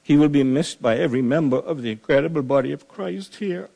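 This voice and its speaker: A man delivering a funeral eulogy, measured and solemn, building to emphatic preaching. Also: fairly high pitch, gravelly, warm tone.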